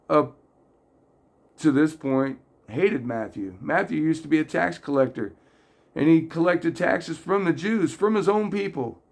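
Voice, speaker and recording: A religious video host with a slightly high, gravelly voice leads a casual faith talk. He speaks earnestly and rambles a bit while retelling stories, getting loudly excited and emotional.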